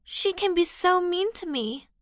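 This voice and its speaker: Woman doing a whiny high-pitched mean schoolgirl. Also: sing-song, measured pace, bright, forceful tone, no room sound, studio quality, full character voice. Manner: whining, venomous. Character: catty teenage schoolgirl, spoiled and whiny. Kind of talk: audiobook character voice.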